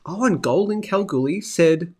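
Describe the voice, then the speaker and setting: A man's voice: sits high, lively intonation, moderate pace. A middle-aged man with an Australian accent, hosting a live finance show in a chatty, upbeat way and reading viewer comments aloud. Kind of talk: casual live-stream chat.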